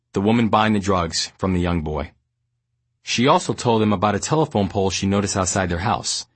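A man from New York reading his memoir aloud as an audiobook, in a measured, steady storytelling manner. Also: deep voice, slightly rough, no room sound. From New York, United States. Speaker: memoir narrator.

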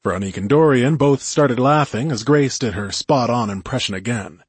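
A man narrating a first-person audiobook in a calm, measured way. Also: medium pitch, husky, no room sound.

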